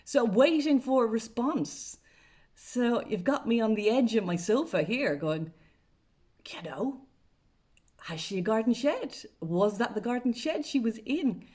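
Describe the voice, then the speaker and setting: A woman's voice: fairly high pitch, lively intonation, measured pace, a little mellow. A woman with an Irish accent, a journalist giving a wry, sarcastic, chatty update straight to camera. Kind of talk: casual vlog commentary.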